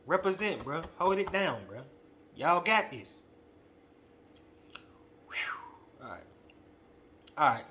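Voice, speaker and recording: Slangy, animated young man ranting. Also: on the high side, slow pace, long pauses. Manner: animated, slangy, calls out directly. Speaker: wrestling podcast host. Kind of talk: casual opinion monologue.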